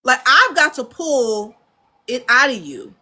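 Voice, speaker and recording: A fairly high-voiced American woman talks shop in a relaxed interview. She is frank and animated, slipping into quick impressions of studio sessions and laughing easily, speaking from her home studio. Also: husky. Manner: animated storyteller, acts out studio dialogue. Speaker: audio engineer and producer, guest. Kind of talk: casual interview talk.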